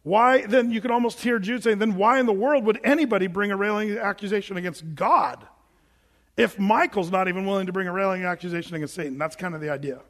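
A pastor preaching a sermon in a joking, animated way, acting out quoted voices as he goes. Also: sits high, fast. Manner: jokey, acts out quoted voices; self-described big guy. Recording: long reverb of a large hall.

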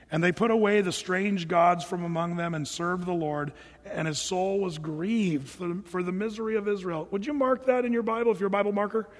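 A man preaching a sermon as a pastor, conversational and lively, slipping into the voices of people he quotes. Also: high-pitched, fairly quick, in a large hall.

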